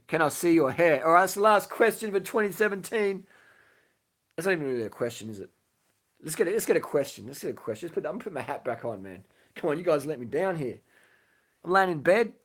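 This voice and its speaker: A man's voice: a little high, a bit bright. A man answering viewers' questions on a casual late-night live stream from his bed, speaking bluntly, swearing freely and repeating his points. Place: lying in bed at home.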